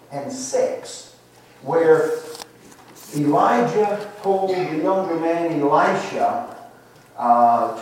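Slow preaching man in an echoey church. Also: a little high, darkish tone. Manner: slow, emphatic, repeats phrases for emphasis. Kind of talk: sermon. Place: church sanctuary. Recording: echoey room, distant mic, faint noise.

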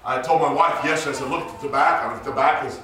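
A preacher, a man, bellowing and then dropping to a hush. His voice is bright and cutting. It is caught from a distance in a big, echoing church with faint room noise behind. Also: fairly even intonation, racing. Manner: swings from low murmurs to shouted high cries. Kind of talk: sermon. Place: church sanctuary. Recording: roomy church recorded from far off.

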